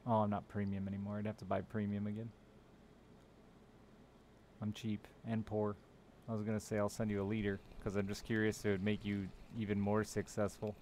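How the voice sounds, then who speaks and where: A young man with a lowish voice chats over a live game stream. He is sardonic and teasing, swears freely, and riffs with his chat, with a faint hum of noise behind him. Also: monotone, fairly quick, a little mellow. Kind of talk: casual gaming stream chat.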